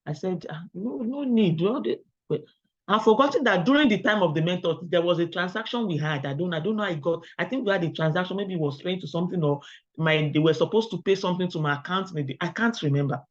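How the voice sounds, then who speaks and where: A middle-aged Nigerian woman giving a webinar talk, firing rhetorical questions at the audience and telling lively personal stories. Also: lowish voice, quick pace. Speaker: academic webinar speaker. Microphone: video call. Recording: dull lo-fi online call audio.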